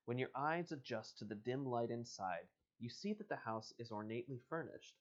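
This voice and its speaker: A man's voice: medium pitch, moderate pace. A man reads an adventure gamebook aloud for a live audience, easy and casual, with a middle-range voice. The audio is dull and lo-fi, like a home livestream mic. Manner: casual, chuckling, playful asides. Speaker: host and reader.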